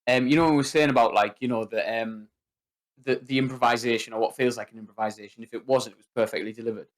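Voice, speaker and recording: A man's voice: medium pitch, steady tone, quick pace. A man co-hosting a film podcast, talking casually and acting out quoted movie lines with animation. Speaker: podcast co-host.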